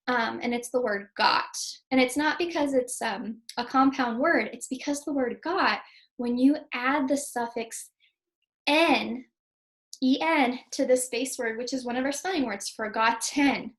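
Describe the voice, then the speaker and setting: Woman, elementary teacher, high voice, slow and patient, sounds out letters carefully. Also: a bit bright, low-quality recording. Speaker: second grade teacher. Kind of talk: spelling lesson for young children.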